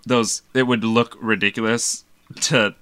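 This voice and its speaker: A young man with a fairly low voice and a bright, forceful edge, heard close and dry. He rambles through his thoughts on a movie podcast, swearing and restarting his sentences. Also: fairly even intonation, a little slow, clear, resonant tone, no room sound. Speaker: podcast co-host. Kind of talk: casual chat.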